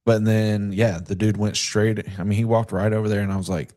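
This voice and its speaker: A man co-hosts a casual sports podcast in a slightly low voice. He talks easily and tells stories, dropping in little quoted asides as he goes. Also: steady tone, a little fast, hardly any pauses, darkish tone. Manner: chatty storyteller who retells events with quoted asides. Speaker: podcast co-host. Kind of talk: casual sports talk chat.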